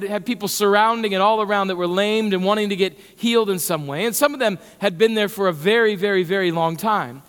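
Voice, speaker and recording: A man preaching a sermon in a conversational way, repeating words and growing animated. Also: high voice. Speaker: pastor. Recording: long hall reverb.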